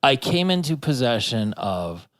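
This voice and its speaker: A man's voice: medium pitch, very animated, a little slow, no echo, studio quality. A man telling long, rambling stories with lots of swearing in a casual podcast chat. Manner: rambling storyteller, profane, restarts a lot.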